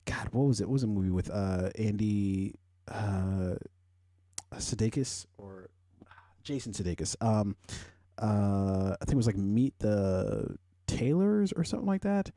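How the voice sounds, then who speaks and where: A young man hosting a podcast, chatting casually and rambling, swearing often and swinging into loud, animated rants. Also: on the low side, measured pace, no echo, studio quality. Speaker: podcast host. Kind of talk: casual pop-culture chat.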